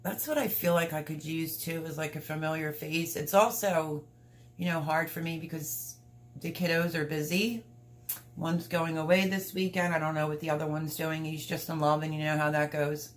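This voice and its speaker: A woman's voice: low-pitched, steady tone, moderate pace. A middle-aged woman, chatting candidly and emotionally to viewers on a livestream from home. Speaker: livestream host. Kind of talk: casual livestream chat. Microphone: livestream camera mic.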